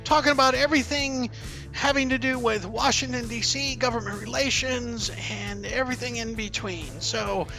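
A man's voice: very high-pitched, moderate pace, vocal fry, few pauses, over music, rough recording. A man hosting a podcast, leading a casual political discussion in a wry, conversational manner. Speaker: podcast host.

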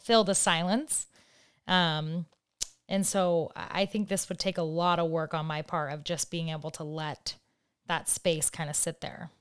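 A woman's voice: on the low side, fairly bright tone, clean tone. A woman hosting a podcast interview, talking in a reflective, casual way and often saying "like". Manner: reflective, self-questioning, uses "like" a lot. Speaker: podcast host.

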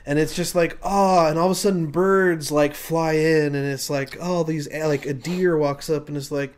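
A man pitching a comic idea, telling it as an animated story and acting out scenes. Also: moderate pace, smooth. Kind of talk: comic pitch, casual banter.

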